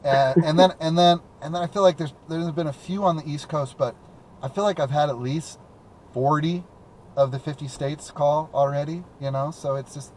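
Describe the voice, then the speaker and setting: A man's voice: fairly high pitch, moderate pace, a little mellow, a little hiss or hum. A young man hosting a call-in talk show while driving around in his car, chatting casually, rambling and repeating words with lots of fillers. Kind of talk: casual chat.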